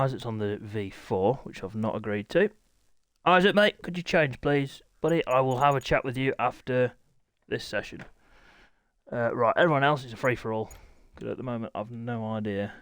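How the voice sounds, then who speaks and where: A man's voice: on the low side, vocal fry, no echo. A young man streaming a racing league, talking to chat while he fumbles with setup, harried and apologetic. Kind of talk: live-stream chat to viewers.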